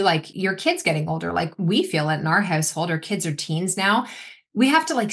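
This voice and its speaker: A woman in her forties with a somewhat low voice talks as a guest on a casual podcast. She explains with energy and often slips into quick acted quotes of her clients. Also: fairly bright tone. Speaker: nutritionist guest.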